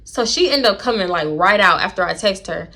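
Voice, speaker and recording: A woman's voice: medium pitch, animated, fairly quick, bright, forceful tone. A young woman tells a personal story to her audience. She is blunt, chatty and swears freely, talking straight at the camera like she is catching up with friends. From Houston, Texas. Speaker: storytime vlogger.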